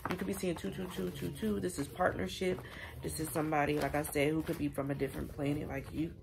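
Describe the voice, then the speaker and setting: A woman reads tarot in a loose, chatty way and keeps speaking straight to her viewers with encouragement. Her voice sits fairly low and has a gravelly fry. Faint noise hums behind her. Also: little pitch movement, fast, a little mellow. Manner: chatty, affirming, addresses viewers directly. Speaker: tarot reader. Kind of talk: casual spiritual reading to viewers.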